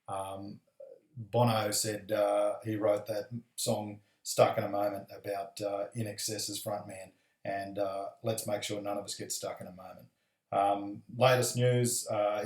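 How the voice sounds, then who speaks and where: An Australian airline pilot giving a casual, rambling, friendly video message full of fillers. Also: male voice, lowish voice, a little mellow, recorded from a distance. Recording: echoey room.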